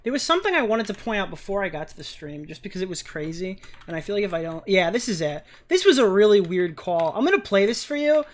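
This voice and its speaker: A woman's voice: medium pitch, sing-song, fast, hardly any pauses. A woman streamer giving live reaction commentary on an online drama, incredulous and swearing freely.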